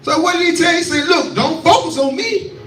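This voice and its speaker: A man's voice: very high voice, brisk, fairly bright tone, soft background music. A man preaching a scripture teaching, repeating lines and calling out to his listeners. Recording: echoey room, voice from far off.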